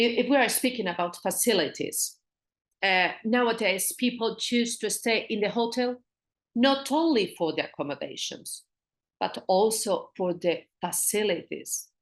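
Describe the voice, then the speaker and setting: A woman with a Spanish accent teaching a business English lesson online, repeating phrases slowly and switching into Spanish to explain. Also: medium pitch.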